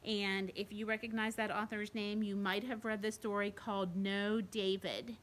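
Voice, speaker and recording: A woman reading a picture book aloud at a library storytime for young children, pausing to ask them questions. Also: mid-range voice, flat delivery. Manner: gentle, asks children questions while reading. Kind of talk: bedtime storytime read-aloud. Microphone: home video recording.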